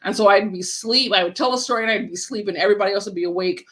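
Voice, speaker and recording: Animated woman telling a story. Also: medium pitch, rapid-fire. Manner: animated, profane, acts out quoted dialogue. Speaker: guest, horror writer and event creator. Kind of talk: casual storytelling in a podcast interview.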